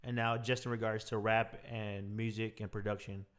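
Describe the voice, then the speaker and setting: A young man hosting a podcast, chatting casually and asking relaxed, agreeable questions. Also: lowish voice, moderate pace. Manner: relaxed, agreeable interviewer, short backchannels. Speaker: podcast host. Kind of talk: casual chat.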